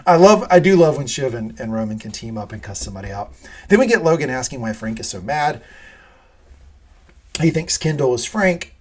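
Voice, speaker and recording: A man's voice: medium pitch, big pitch swings, fairly quick, slightly rough. A man co-hosting a podcast, animatedly recapping a TV episode, swearing often and acting out the quoted lines. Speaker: podcast co-host. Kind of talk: casual TV recap chat.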